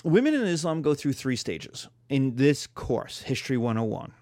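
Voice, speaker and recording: A man lecturing to a history class, easily slipping into acted-out anecdotes with jumps in pitch and volume. His voice sits at a middle pitch and sounds close and dry, with no room echo. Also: normal speed. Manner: animated storytelling, acts out quarrels in voices. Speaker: history teacher.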